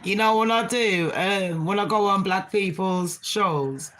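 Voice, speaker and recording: A woman's voice: mid-range voice, unhurried, fairly bright tone, slight background noise. A woman from Jamaica with a mixed Birmingham and Jamaican accent, hosting a casual livestream and chatting back at viewer comments. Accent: Birmingham English with a Jamaican touch. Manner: chatty, laughs often, answers comments. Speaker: livestream host reading chat.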